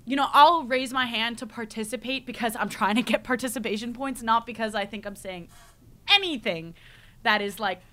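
Bright-voiced woman telling a story. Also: on the high side, moderate pace. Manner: rambling, animated storytelling with frequent "like" and laughs. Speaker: podcast host, university student. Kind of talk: casual chat.

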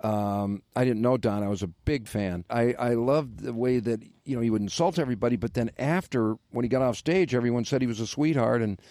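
A man's voice: mid-range voice, fairly quick, hardly any pauses, mellow, no echo, studio quality. An older man and former radio host, telling rambling stories in casual podcast chat with many fillers.

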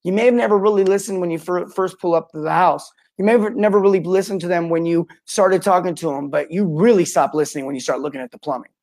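A middle-aged man hosting a live coaching talk for plumbers, energetic, greeting viewers by name and acting out what customers say. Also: high-pitched, quick pace, few pauses. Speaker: podcast host and plumbing sales coach.

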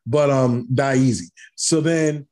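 A man co-hosting a casual sports podcast, telling animated stories and acting out what people said. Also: medium pitch, takes it slowly, a loud crowd. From Brooklyn. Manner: animated storytelling, acting out quotes. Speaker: podcast co-host.

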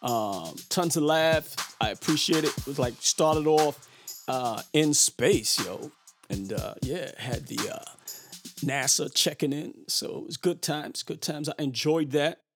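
A man hosting a podcast, chatting casually in an animated, rambling way with lots of fillers. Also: fairly high pitch, measured pace, music in the background. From Brooklyn. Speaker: podcast host. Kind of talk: casual chat.

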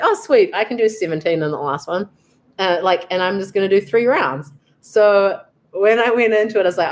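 A young woman, a fitness coach telling a story in a casual, chatty way and acting out what she thought. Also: lowish voice. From New Zealand. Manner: chatty, lots of "like" and acted-out self-quotes. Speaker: guest, fitness coach and athlete.

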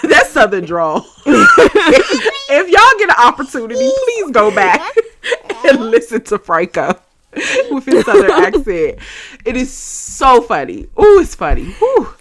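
Lively laughing woman co-host. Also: high voice, measured pace, a crowd in the background. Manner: laughs often, animated and expressive. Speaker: podcast co-host recapping a soap opera. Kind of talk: casual chat.

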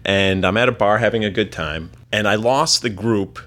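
Bright-toned man, low-pitched, telling a self-mocking comic story on a podcast. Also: moderate pace. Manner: laid-back, self-mocking, acts out friends' lines. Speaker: storyteller guest.

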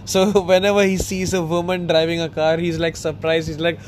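A man talks through his podcast in a loose, excitable ramble, often breaking into laughter. His voice sits high for a man. A faint hiss lies behind the recording. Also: moderate pace. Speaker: podcast host. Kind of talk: casual solo chat.

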